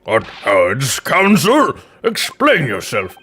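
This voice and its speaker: A man voicing a stern older male judge in a video game dub, gruff and commanding. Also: medium pitch, huge pitch swings, slow pace, pushed and bright, a little hiss or hum, full character voice.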